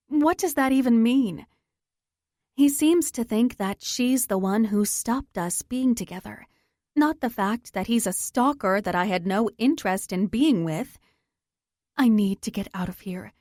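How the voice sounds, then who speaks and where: A woman's voice: medium pitch, darkish tone, no echo, studio quality. A woman narrating a first-person romance audiobook in a tense, dramatic manner.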